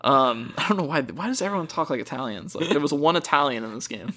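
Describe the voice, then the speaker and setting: A young man talks quickly through a casual gaming chat. His pitch swings widely as he rambles and corrects himself mid-sentence. He laughs often between thoughts. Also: lively intonation, bright, forceful tone. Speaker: podcast co-host.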